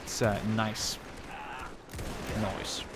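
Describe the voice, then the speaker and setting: Flat and drawn-out, this lowish male voice comes through a very noisy recording. He's a young Swedish gameplay commentator cracking jokes and wandering off topic as the war game's gunfire and artillery blare behind him.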